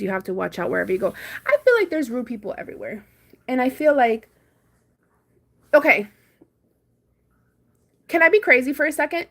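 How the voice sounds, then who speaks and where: Young woman, livestream host at home, slightly high voice, casual and animated, loud reenacted comebacks. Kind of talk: casual live chat. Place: home, doing chores.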